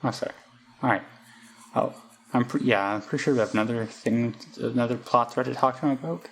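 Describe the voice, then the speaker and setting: A man's voice: medium pitch, fairly quick, fairly bright tone, slight background noise, poor audio. A young man casually commenting while playing a game, chatty and hesitant with many asides, on a close desk mic at home. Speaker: let's play host.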